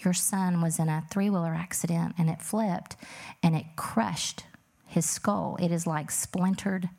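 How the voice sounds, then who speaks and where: A woman's voice: fairly low pitch, steady tone, a little slow, vocal fry, darkish tone. A woman telling a personal testimony about her son, earnest and plain-spoken, with many fillers. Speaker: mother telling her story.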